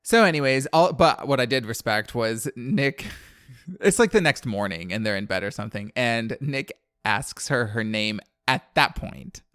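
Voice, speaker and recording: A man's voice: medium pitch, animated, measured pace, fairly bright tone, clear, resonant tone, no echo, clean studio sound. A man from New Orleans co-hosting a podcast, recapping a horror film in casual, profane chat and laughing often. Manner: chatty, profane, laughs often, many fillers.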